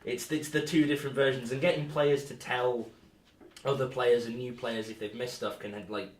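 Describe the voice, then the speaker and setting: A young man co-hosting a casual podcast about tabletop games, animated and quick to act out his examples. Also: mid-range voice, a little hiss or hum. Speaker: podcast co-host and tabletop player. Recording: echoey room, far from the mic.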